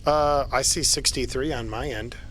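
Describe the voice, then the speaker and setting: A man running an online tabletop horror game as game master, relaxed and a little halting, patiently explaining the rules. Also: medium pitch, a little hiss or hum. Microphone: home streaming mic.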